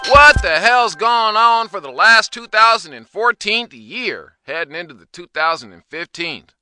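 A brash, obnoxious news-anchor voice, pushed high and loud with exaggerated inflections, as a podcast host puts it on. The sound is bright and close, with faint music underneath. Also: male voice, animated, unhurried, clean tone, no room sound, heavily acted. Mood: grandiose.

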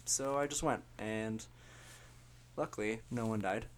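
A man's voice: lowish voice, measured pace. A man guesting on a casual podcast, telling rambling, self-deprecating stories with a jokey manner. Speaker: musician guest.

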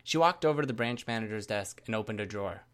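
A man reading a first-person story aloud in a steady, measured narration. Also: on the low side. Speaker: audiobook narrator.

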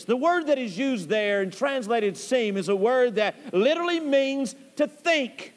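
A man preaching a sermon as pastor, speaking deliberately and stressing key words. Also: very high voice, lively intonation. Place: church sanctuary. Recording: long church hall reverb.

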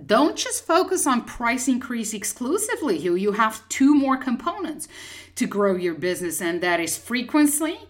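A woman's voice: fairly high pitch, very animated, moderate pace. A woman coaching a listener on growing a business, emphatic and often checking in with "okay?". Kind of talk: advice to a listener.

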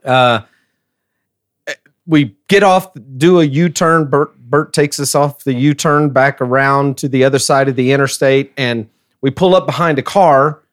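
A middle-aged man co-hosting a podcast, telling a story in a casual, animated way with frequent laughter. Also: mid-range voice, a little slow. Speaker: podcast co-host.

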